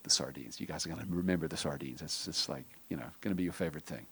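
A middle-aged man preaching a sermon as a pastor, talking conversationally with jokey asides and dropping to a hushed, intense tone. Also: a bass voice, rapid-fire, slightly rough.

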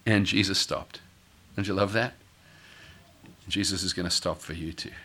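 A middle-aged man preaching with a bright, forceful edge to his voice. He delivers a dramatic sermon, acting out the people in his story. His voice sits a little low for a man. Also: normal speed. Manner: dramatic, acts out quoted voices, rises to shouting peaks. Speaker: pastor.

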